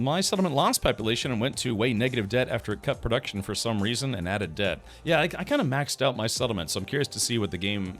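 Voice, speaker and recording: Brief: male streamer, animated pitch, stop-start chatty delivery, faint music underneath. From United States. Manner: halting, restarts often, chats with viewers between readings. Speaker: game streamer. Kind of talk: casual live-stream chat, reading update notes aloud.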